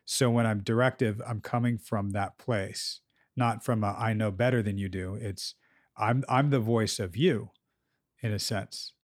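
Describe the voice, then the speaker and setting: A man's voice: on the low side, steady tone, a little slow, no room sound. Candid swearing male therapist, dry sound. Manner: candid, swears freely, acts out client quotes. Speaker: therapist and podcast co-host. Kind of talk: casual podcast chat.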